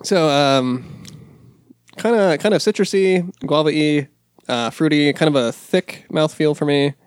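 A man's voice: a little high, measured pace, clean tone, dry recording, clean studio sound. A man co-hosting a casual beer tasting podcast, rambling and stumbling over words with a lot of laughter. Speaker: podcast co-host.

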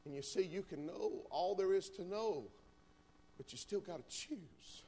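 High-voiced preaching man. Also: unhurried, vocal fry. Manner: builds from calm storytelling to shouted preaching climaxes. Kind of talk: sermon.

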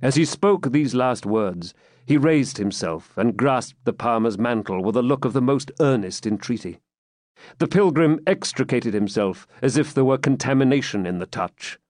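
Male audiobook narrator for a classic novel; lively pitch, dry close sound. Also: no room sound. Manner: measured, expressive narration. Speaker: audiobook reader. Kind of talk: reading a classic novel aloud.

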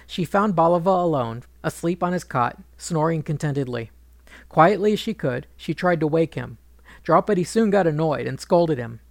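Gravelly male epic storyteller. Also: fairly high pitch, expressive, normal speed, no room sound, clean studio sound. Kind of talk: retelling an ancient epic.

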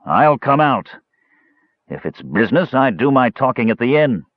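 A man reading an audiobook, voicing a testy, drunken young male dwarf who talks gruffly and curtly, on a dull, muffled recording. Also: medium pitch, very animated, normal speed, dry recording, voice pushed up. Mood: grumpy. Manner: gruff, irritable, curt.

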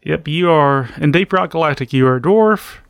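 A man's voice: a little high, moderate pace, vocal fry, no echo. A man with a slightly raised voice co-hosts a casual podcast, blunt and easygoing with plenty of swearing. His voice comes across dry and close, with no room sound around it. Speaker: podcast co-host. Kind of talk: casual chat.

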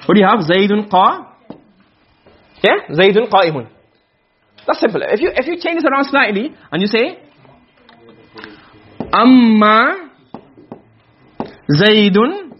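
A man's voice: high voice, very animated, normal speed, long pauses, lo-fi sound, a little hiss or hum. A man teaching a class on Arabic grammar, quizzing his students with frequent questions.

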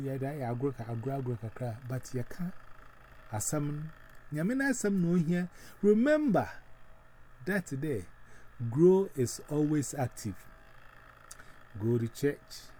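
Slow, solemn man praying. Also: mid-range voice, dark tone, a little hiss or hum, rough recording. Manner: slow, solemn, switching between English and Twi. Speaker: devotional radio host. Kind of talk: prayer and devotional talk.

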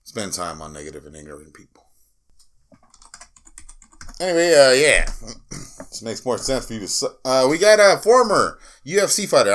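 A man's voice: mid-range voice, sing-song, normal speed, long pauses, a bit bright. A man co-hosting a fight podcast in profane casual chat, joking and swearing in a laid-back way. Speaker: podcast co-host.

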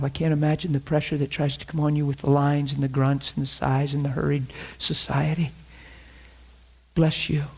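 A man's voice: a little high, breathy edge. A middle-aged man preaching a sermon, telling a story and acting out the dialogue.

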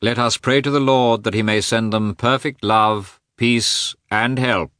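A man's voice: medium pitch, steady tone, measured pace, fairly bright tone, smooth, no room sound, studio quality, pitched above the performer's own voice, natural voice. A man voicing a solemn senior deacon intoning a prayer. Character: tall handsome male deacon, solemn.

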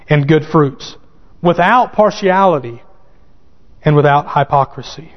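A man's voice: fairly high pitch, a little slow, pauses often. A male pastor preaching a sermon, building to emphatic calls and reading scripture aloud. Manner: reads scripture aloud in King James wording. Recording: dull sound with long hall reverb.

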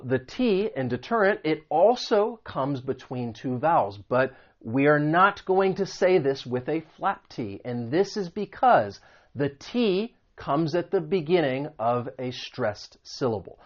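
An American man teaching vocabulary and pronunciation in a patient way, saying words slowly and repeating them. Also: mid-range voice, muffled recording. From United States. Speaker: English teacher. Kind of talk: pronunciation lesson.

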